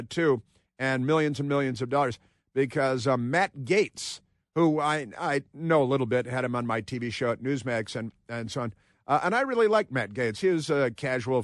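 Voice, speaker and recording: A man's voice: mid-range voice, no room sound, studio quality. A man hosting a talk radio show, monologuing in a mocking, sarcastic way and breaking into put-on voices to mimic others. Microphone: studio mic.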